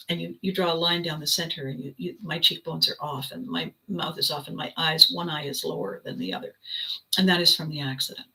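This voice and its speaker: Bright-voiced older woman telling a story. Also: low-pitched, rough recording. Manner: animated, laughing often. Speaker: vlog host. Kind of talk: casual storytelling.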